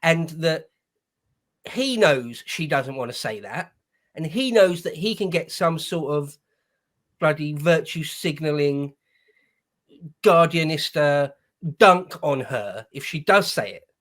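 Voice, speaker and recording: A man's voice: fairly high pitch, lively intonation, slow, long pauses, fairly bright tone. A man hosting casual political commentary, heated and indignant, swearing as he vents.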